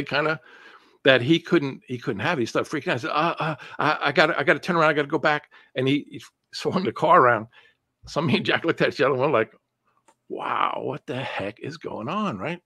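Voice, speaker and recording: A man being interviewed as a guest, telling a personal story in a casual, animated way and often restarting his phrases. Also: medium pitch, no room sound.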